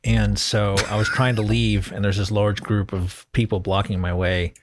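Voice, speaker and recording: A man's voice: fairly low pitch, level tone, normal speed, slight background noise. A man co-hosting a podcast in casual chat, making wry, brief quips. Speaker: podcast co-host.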